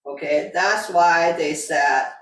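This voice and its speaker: A woman leads a tai chi session at an unhurried, slow pace, calmly repeating cues to breathe in and out. Her voice comes from some distance away in an echoey room. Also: low-pitched, a little hiss or hum. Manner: calm, repetitive breathing cues, simple non-native grammar. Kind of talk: guiding an exercise class.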